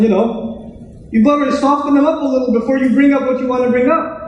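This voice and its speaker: A male preacher with a very high voice, talking quickly and conversationally, full of rhetorical questions. His sermon rings through a very echoey room, caught from some distance with faint ambient noise. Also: steady tone, a little mellow, highs cut off.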